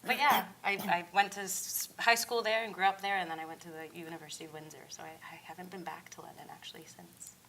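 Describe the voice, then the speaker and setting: A woman stage actor in a casual cast Q&A, talkative and giggly, trailing into soft near-whispers. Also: on the low side, steady tone, quick pace, gravelly, slight background noise, rough recording. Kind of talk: casual panel Q&A.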